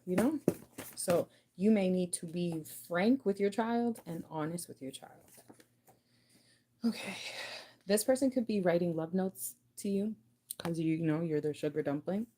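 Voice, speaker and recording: Woman reader, mellow, low-ish voice, chatty and giggly, talks straight to "you". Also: normal speed. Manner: chatty, giggly, loose slangy talk; spoken to the viewer as "you". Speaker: intuitive card reader. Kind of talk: casual channelled reading.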